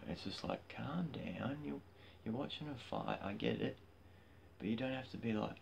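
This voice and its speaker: A man livestreaming from his phone, chatting casually and bluntly, cheeky and quick to get loud and heated. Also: low voice, lively intonation, vocal fry, slight background noise. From Australia.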